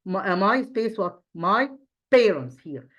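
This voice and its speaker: A woman teaching an English grammar review lesson, pausing often and repeating herself, asking rhetorical questions as she goes. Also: medium pitch, big pitch swings. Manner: hesitant, frequent fillers and restarts.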